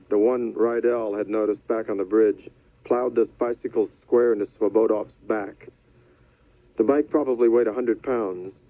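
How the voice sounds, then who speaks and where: A man narrating a thriller audiobook in a measured, deadpan manner. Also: on the low side, dry recording. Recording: dry, slightly dull studio audio.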